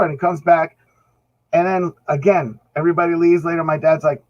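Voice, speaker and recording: A man's voice: fairly high pitch, steady tone, a little fast, a little mellow, lo-fi sound. A man, a guest on a podcast, telling rambling stories in casual chat and acting out the quotes. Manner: rambling anecdotes with acted-out quotes. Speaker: podcast guest, band musician.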